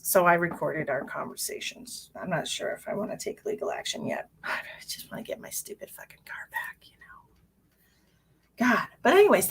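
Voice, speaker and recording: A woman's voice: medium pitch, a bit bright, a little hiss or hum. A woman hosting a psychic livestream, chatting casually, ranting with swearing and answering viewer comments.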